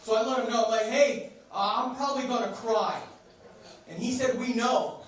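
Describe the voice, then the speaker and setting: A man performing a stand-up routine on a club stage, with a stammering, deadpan delivery full of restarts, and audience laughter behind him. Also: very high voice, normal speed. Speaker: stand-up comedian. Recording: echoey room mic from far off with crowd laughter.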